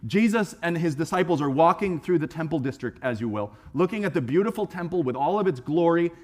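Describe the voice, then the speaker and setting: Animated, conversational preaching man. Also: a little high, fairly quick. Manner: repeats words when starting phrases. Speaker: pastor. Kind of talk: sermon. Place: church sanctuary.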